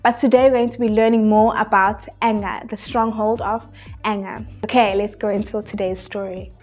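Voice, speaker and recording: A woman's voice: medium pitch, level tone, normal speed, a little mellow, soft background music. A woman introducing a children's lesson series in an upbeat, friendly way. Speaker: kids' ministry presenter.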